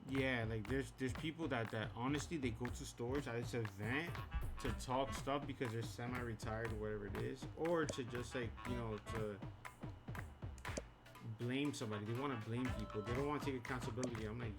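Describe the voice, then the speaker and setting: Man, game streamer, casual rambling chat, everyday mid-range voice, loud game music behind. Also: mid-range voice, fairly quick. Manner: rambling, filler-heavy storytelling. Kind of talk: casual chat while gaming.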